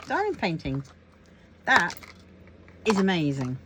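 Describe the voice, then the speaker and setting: A low-voiced woman chats to camera as a crafting vlogger, thinking aloud and rambling through her plans with lots of fillers. Faint keyboard tapping and room ambience sit quietly behind her. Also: very animated, unhurried, pauses often, background noise. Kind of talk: casual chat to camera.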